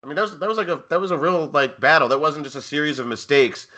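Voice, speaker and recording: A man co-hosting a football betting show, talking in a casual, animated way with many fillers and restarts. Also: fairly high pitch, fast talker. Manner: animated, lots of fillers and self-corrections. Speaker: NFL betting podcast co-host. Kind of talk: casual sports betting chat.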